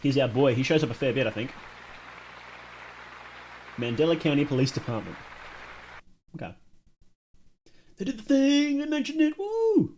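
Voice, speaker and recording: A man streaming a casual reaction who gets excitable, laughs often and thinks out loud. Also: a little high, moderate pace, long pauses, slight background noise.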